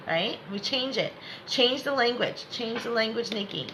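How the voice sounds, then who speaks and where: A woman's voice: on the high side, expressive, moderate pace, sharp tone, a little hiss or hum, rough recording. A woman spiritual coach leading a live guided meditation lesson, encouraging and reassuring viewers by name.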